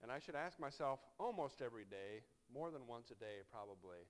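A man preaching a sermon in a conversational, wry way, often tossing in "right?" and swinging between soft, low reflection and loud, animated emphasis. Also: fairly quick. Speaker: pastor.

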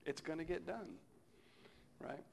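Soft-spoken conversational man preaching. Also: fairly high pitch, lively intonation, measured pace, creaky, slightly rough. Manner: conversational, reflective, often dropping to a soft close. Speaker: pastor. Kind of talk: sermon.

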